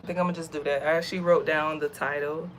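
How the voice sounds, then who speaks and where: Her voice sits low and she talks fast, with a faint hiss or hum on the audio. The young American vlogger is outside, chattily telling a story with plenty of slang and animation.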